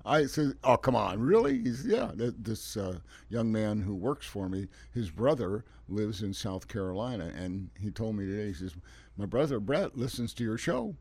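A man's voice: fairly low pitch, lively intonation, normal speed, a little mellow, slightly rough, dry recording. A man hosting a local radio garden show, chatting in a folksy, rambling way with chuckles and restarts. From Oregon. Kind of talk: casual radio talk show chat.

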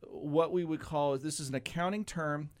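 A man co-hosting a radio show, joking and laughing as he guesses word meanings slowly. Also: a little high, fairly even intonation. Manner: playful, laughs often, muses slowly over guesses. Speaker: co-host. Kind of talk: casual radio show banter.

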